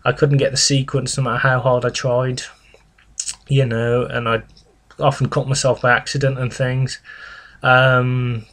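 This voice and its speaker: Flat-voiced young man, hesitant. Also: mid-range voice. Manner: hesitant, halting, leans on "you know" and "sort of"; earnest and reflective. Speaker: vlogger. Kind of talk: personal confessional vlog.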